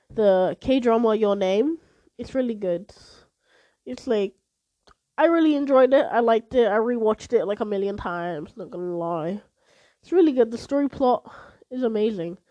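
A woman's voice: a little high, mellow, no echo, rough recording. A young woman vlogging in a rambling, casual chat while sick, with congested breathing. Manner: chatty, rambling, lots of "like" and "anyway".

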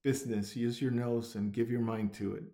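A man reading aloud as a kind, loyal male water rat who speaks gently and heartily. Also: medium pitch, fairly even intonation, moderate pace, reverberant, lightly acted. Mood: hearty. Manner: gentle, then hearty and encouraging.

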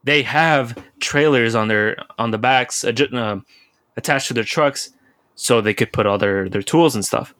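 A man's voice: medium pitch, unhurried, fairly bright tone, dry recording. A young man casually telling a rambling, profane story on a podcast, full of restarts and filler words.

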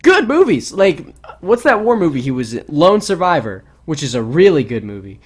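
A man co-hosting a podcast in casual chat, rambling and animated with many restarts. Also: fairly high pitch, moderate pace, husky. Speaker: podcast co-host.

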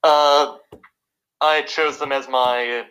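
A man taking part in a tabletop role-playing session, describing what his character does. His voice is bright and sharp, and his speech halts often on fillers. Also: mid-range voice, fairly even intonation, poor audio. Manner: halting, many fillers. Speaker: player.

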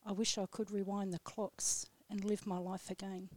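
A guest poet in a radio studio recites her own poem slowly, solemnly and with measured care. Her middle-pitched, darkish voice barely moves up or down. The sound is dry and close, with no room sound.

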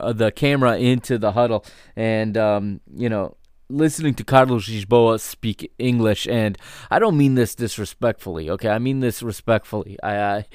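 Smooth-voiced man calling basketball casually. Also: medium pitch, no room sound, clean studio sound. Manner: chatty, rambling asides with restarts. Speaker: fan commentator calling a basketball game. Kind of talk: casual play-by-play commentary.

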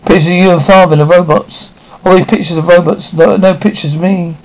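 An actress playing a rebellious grown daughter who feels trapped at home, speaking in sharp, scornful outbursts in a 1950s TV drama style. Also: female voice, lowish voice, steady tone, quick pace, natural voice, rough recording. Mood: distraught. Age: young adult.

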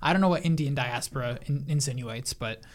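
A woman's voice: a bass voice, brisk. A woman co-hosting a podcast in casual chat, blunt and teasing, swearing freely. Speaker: podcast co-host.

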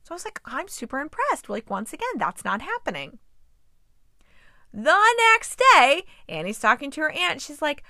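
A young woman talks through a movie plot as a host in casual chat, her fairly high voice bright and swooping as she acts out the characters' lines and reacts in disbelief. The sound is close and dry. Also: moderate pace, dry recording. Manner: animated and incredulous, acting out quoted lines. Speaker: podcast host reviewing movies.

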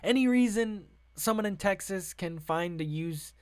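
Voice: medium pitch, moderate pace, darkish tone, clean tone. A political commentator reading news items aloud and ranting about them in a sarcastic, profane way.

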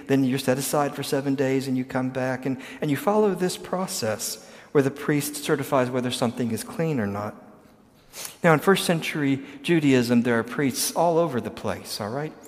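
A man giving a sermon as pastor, explaining in a conversational way with frequent restarts and asides. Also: medium pitch. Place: church sanctuary. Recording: long hall reverb.

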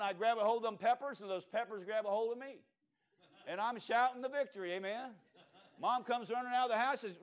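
A Cajun preacher with a notably high voice for a man. He delivers his sermon in a storytelling way, pauses on fillers and restarts, and keeps asking the congregation whether they agree. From Louisiana. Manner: storytelling with rhetorical questions to the congregation and frequent fillers.

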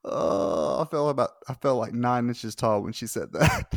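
A man in his thirties, a podcast guest chatting casually, self-deprecating and quick to laugh. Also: mid-range voice, expressive, vocal fry, dry recording, clean studio sound. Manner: self-deprecating, laughs often, stumbles and restarts. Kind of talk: casual chat.

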